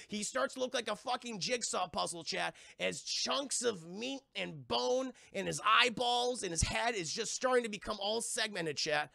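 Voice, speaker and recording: A man's voice: high-pitched, animated, normal speed, vocal fry, few pauses, bright, forceful tone, no echo, studio quality. A young man reviewing a TV episode on a live stream, rambling and swearing a lot and constantly talking to his chat. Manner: profane, rambling, keeps addressing chat.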